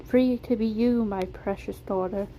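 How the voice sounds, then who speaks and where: A woman voicing a gentle, motherly female animatronic with a light British accent and a soft, tender way of talking. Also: medium pitch, fairly even intonation, measured pace, a little hiss or hum, close to an everyday voice, rough recording. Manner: soft, tender, whispery at times.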